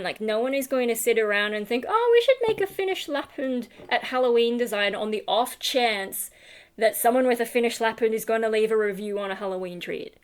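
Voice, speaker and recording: Woman vlogger, slightly high voice, loose rambling chat full of fillers. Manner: chatty, rambling with many fillers and restarts. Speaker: YouTuber. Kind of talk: casual vlog chat.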